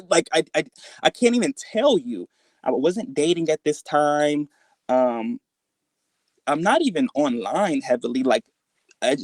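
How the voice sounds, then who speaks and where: A man recounting a frightening personal experience in casual, halting speech, full of fillers and restarts, jumping up in pitch to act out quoted dialogue. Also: a little mellow, dry recording. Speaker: guest telling a personal encounter story.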